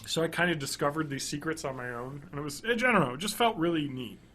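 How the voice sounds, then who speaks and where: A man in his thirties co-hosting a podcast, chatting casually and enthusiastically, rambling and swinging between loud bursts and quiet mumbles. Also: a little high, expressive, fast talker. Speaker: podcast co-host. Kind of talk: casual chat.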